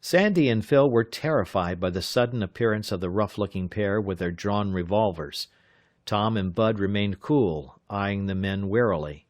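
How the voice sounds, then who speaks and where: A man narrating an adventure audiobook in a measured, steady reading. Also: fairly low pitch, dry recording, clean studio sound. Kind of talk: scripted narration.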